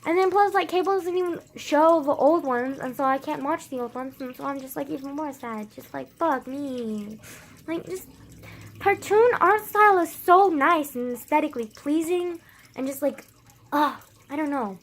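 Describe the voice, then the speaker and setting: Young woman w a high voice rambling at her camera, tons of "like", swears a lot, picks on herself. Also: normal speed. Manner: rambling, filler-heavy, swears often, self-deprecating. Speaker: vlogger. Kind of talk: casual rambling vlog.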